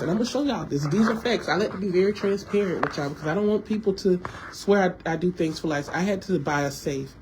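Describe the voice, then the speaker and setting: A man's voice: on the high side, a little mellow, slight background noise, poor audio. A sick man, venting to his viewers on a livestream from home and coughing. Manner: emotional, repetitive, addresses viewers as y'all. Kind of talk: casual livestream talk.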